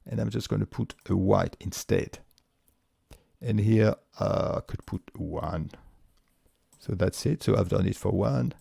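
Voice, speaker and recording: A man with a voice walking through a spreadsheet tutorial step by step, relaxed, with frequent fillers and restarts. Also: lowish voice, measured pace, vocal fry, breathy edge, no echo, clean studio sound. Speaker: tutorial presenter. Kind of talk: screen-recorded software tutorial.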